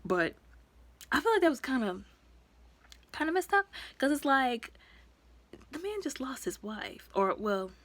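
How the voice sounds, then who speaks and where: A woman's voice: measured pace, pauses often, no room sound. Chatty woman rambling through a movie recap. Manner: rambling, chatty retelling full of fillers and asides; lively and expressive, with sudden jumps in pitch and loudness. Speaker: movie reviewer.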